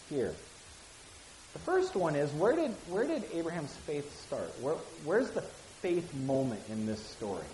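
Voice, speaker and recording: A woman's voice: sits low, warm tone. A woman giving a conversational Bible teaching. She reads scripture aloud with acted voices, then explains it casually, asks listeners questions and repeats key phrases. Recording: echoey room with hiss.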